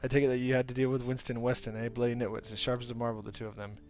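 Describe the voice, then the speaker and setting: A man voicing a gruff, grumbling male gnome bridge guard, talking loudly and bluntly. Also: mid-range voice, flat delivery, rapid-fire, lightly acted. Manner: loud, blunt and chatty.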